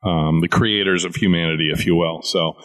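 A man with a very deep, low voice talks in a casual chat. He explains things plainly and at a steady pace, adding fillers now and then. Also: fairly quick.

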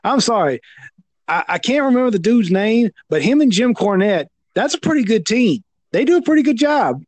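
A man with a Southern American accent talks wrestling in loose, animated podcast banter. His voice sits high and the recording is dry and close, with no room sound. He often stumbles and restarts his sentences. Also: moderate pace, no room sound. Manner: animated, stammering restarts, loud impressions. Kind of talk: casual wrestling chat.

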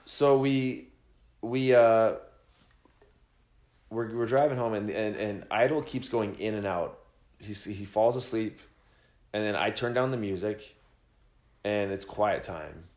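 A man casually telling a rambling, profane road-trip story, quoting friends with animated voices. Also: on the low side, slow, pauses often, roomy sound. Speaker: podcast host telling a story.

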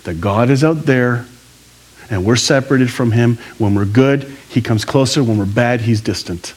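A man preaching a sermon to a church congregation, conversational and animated, with jokey asides. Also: mid-range voice, normal speed. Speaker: pastor.

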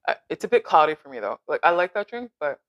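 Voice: medium pitch, big pitch swings, fast talker, fairly bright tone, dry recording, highs cut off. A podcast host from Canada in casual chat, brash and teasing, swearing freely.

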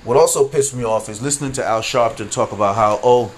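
A man's voice: medium pitch, fast talker, a little hiss or hum. A man hosting his own podcast, ranting casually, swearing freely and tagging lines with "you know what I mean". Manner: laughs through stories. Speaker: podcast host. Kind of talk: casual solo rant.

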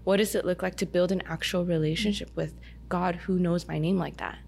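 Gravelly-voiced woman telling a story. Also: on the low side, brisk. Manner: chatty, heavy use of "like", animated retelling. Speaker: podcast guest, dance studio owner. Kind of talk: casual personal storytelling. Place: indoor podcast table over a meal.

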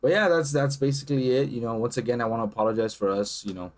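He is a young man co-hosting a casual podcast, talking fast with a loose, profane energy. He acts out the people in his stories and keeps the conversation moving. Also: medium pitch. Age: young adult. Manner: profane, animated storytelling with acted-out quotes. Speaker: podcast co-host. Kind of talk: casual chat.

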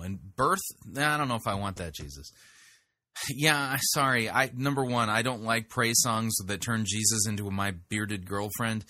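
A man's voice: on the low side, normal speed, sharp tone, no echo, clean studio sound. A man commenting on sermon clips, blunt and sarcastic in his interjections. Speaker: sermon reviewer. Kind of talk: critical commentary over clips.

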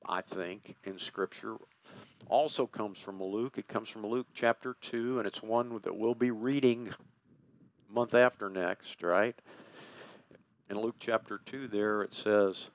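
A man preaching a morning sermon in a folksy, conversational way, slowing down to stress key words. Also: lowish voice, steady tone.

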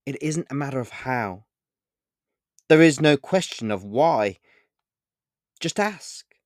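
A man reading a short story aloud, voicing a mysterious, sincere man in black who speaks in a calm, assured, gently insistent way. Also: medium pitch, unhurried, dry recording, studio quality, lightly acted.

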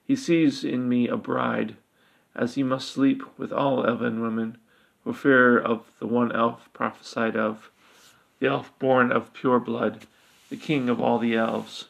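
A man's voice: medium pitch, little pitch movement, a little slow, vocal fry. A man voicing a desperate, secretive female elf who speaks urgently and confidingly.

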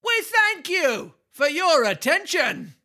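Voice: very high-pitched, very animated, slow, voice pushed up, full character voice. A narrator putting on a pompous ringmaster. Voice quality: loud, pompous, showman's announcing. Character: pompous male circus manager, loud and boastful.

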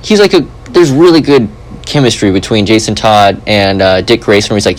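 A man hosting a podcast in casual chat, rambling and joking with animated asides. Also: fairly low pitch, a little fast, rough recording. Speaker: podcast host.

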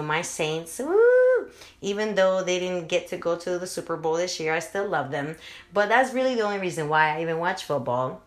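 A chatty, heartfelt woman in her thirties hosts a motivational podcast. Her voice sits fairly low and rings with room echo. Her talk is loose and full of filler words. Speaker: podcast host. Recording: roomy echo.

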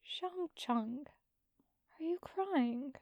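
A woman voicing a warm, teasing, affectionate young man who coaxes and gently scolds. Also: high-pitched, takes it slowly, no echo. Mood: hushed.

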